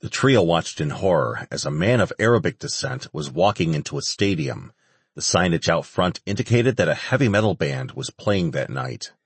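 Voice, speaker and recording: A man reading an audiobook as narrator, in a steady, measured way. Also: deep voice, slightly rough, no room sound. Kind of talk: scripted narration.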